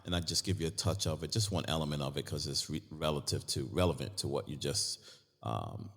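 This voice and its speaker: Male host, extremely deep, gravelly, conversational, reverb-heavy recording. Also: a little fast, a bit bright. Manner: reflective, conversational, fills with "you know". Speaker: podcast host. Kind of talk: casual conversation. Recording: long hall reverb.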